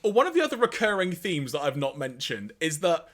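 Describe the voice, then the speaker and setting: Bright, lively man recapping episodes. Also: a little high, a little fast. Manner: reads quotes aloud in put-on voices, laughs often. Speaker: podcast co-host. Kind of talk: casual podcast recap.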